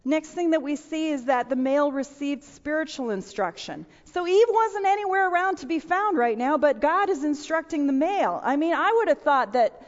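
A middle-aged woman giving a storytelling sermon to a room of listeners, animated and acting out voices and sound effects. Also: high-pitched, normal speed, hardly any pauses. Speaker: women's speaker. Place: large room with audience. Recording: dull, with long hall reverb.

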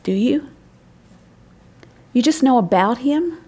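An older woman with a slightly high, crackly voice teaches from scripture in a devotional talk. She sounds earnest and full of wonder, and her pitch climbs when she stresses a point. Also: lively intonation, slow, dark tone, husky. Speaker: Bible teacher.

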